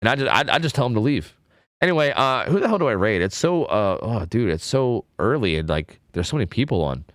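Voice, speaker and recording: Rambling young-sounding male streamer, lively pitch. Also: fast, dry recording, clean studio sound. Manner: rambling, heavy use of filler "like", swearing. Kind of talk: casual stream chat.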